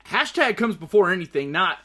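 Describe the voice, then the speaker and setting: A man's voice: high voice, very animated, a little slow, sharp tone. Brash, profane male podcast host. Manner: brash, profane, laughs through his own stories. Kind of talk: casual solo show commentary.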